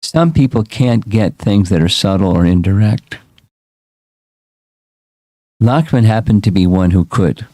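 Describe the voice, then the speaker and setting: A man's voice: on the low side, animated, measured pace, pauses often, dark tone, no echo, clean studio sound. A man as a spiritual teacher giving a casual scripture class, reflective and repeating himself as he restarts words.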